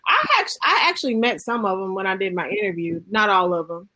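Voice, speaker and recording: A woman with a mild Texas accent, a guest in a casual chat, relaxed and chatty. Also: medium pitch, a little fast.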